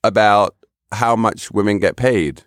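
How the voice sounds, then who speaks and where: A male podcast host with a lowish voice who talks in a wry, self-deprecating way, circling back and restarting his sentences. The sound is dry and close, with no room echo. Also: measured pace. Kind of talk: casual chat.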